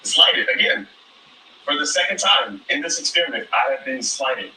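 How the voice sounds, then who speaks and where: A man answering questions at a reunion, measured and defensive, heard from a distance in an echoey space. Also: a little high, bright, forceful tone, slight background noise. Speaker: reality show contestant.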